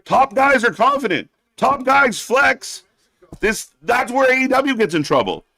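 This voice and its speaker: A man's voice: very high voice, big pitch swings, measured pace, creaky, sharp tone, no room sound. A man hosting a live wrestling watch-along stream, ranting bluntly and sarcastically, swearing often and getting heated.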